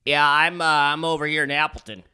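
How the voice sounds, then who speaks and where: A man plays a folksy, bragging duck taxidermist with a thick Wisconsin drawl, calling in to an improvised radio bit. His voice is bright and sharp, and it comes through crisp and resonant. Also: a little high, little pitch movement, a little fast, voice pushed up. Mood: boastful folksy. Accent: Upper Midwest, Wisconsin. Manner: boastful, drawling, loud on the mic. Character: folksy middle-aged male duck taxidermist, boastful. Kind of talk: comedic radio call-in improv.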